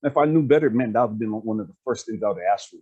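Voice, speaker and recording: Earnest man telling his story, mellow husky voice. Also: fairly low pitch, very fast, dull audio. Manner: earnest, emphatic, repeats phrases, often laughs and asks "you know what I mean?". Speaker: speaker and life coach. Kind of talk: casual personal storytelling. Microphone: video call.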